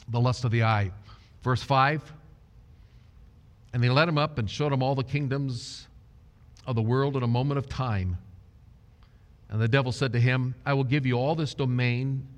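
Guy preaching a sermon, slow and deliberate, big hall echo on it. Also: medium pitch. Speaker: pastor.

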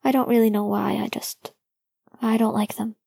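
A woman's voice: fairly high pitch, steady tone, normal speed, pitched above the performer's own voice, heavily acted. A woman voicing a tender young man with a French accent, murmuring his lines in an audiobook reading. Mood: hushed. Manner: soft, breathy, murmured.

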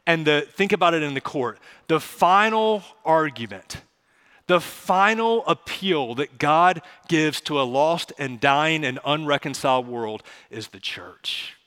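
A man preaching a sermon as pastor, earnest and pleading, slowing down for emphasis. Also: a little high, animated, fairly bright tone, clear, resonant tone. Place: church sanctuary. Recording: long church hall reverb.

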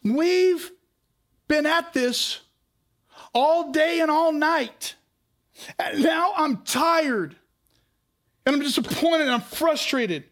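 A worn-out, exasperated fisherman , as a preacher puts him on, pleads in a strained voice that climbs well above his usual speaking pitch. He pushes his words out as if at the end of his rope. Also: fast talker, few pauses, sharp tone. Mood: weary, pleading.

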